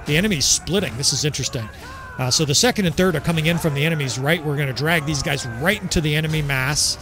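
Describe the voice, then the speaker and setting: A man giving casual, excitable gameplay commentary as he sets up a battle, swearing freely and laughing often. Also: a little high.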